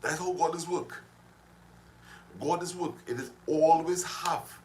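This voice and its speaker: A man's voice: on the high side, steady tone, unhurried. Preachy man with faint hum. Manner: preachy, repetitive exhortations. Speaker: live streamer. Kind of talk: motivational live-stream talk.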